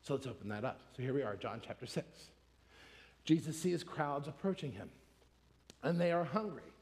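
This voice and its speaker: A man's voice: mid-range voice, animated, moderate pace, darkish tone. A man preaching a sermon, teaching in a conversational, emphatic way with rhetorical questions. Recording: long hall reverb.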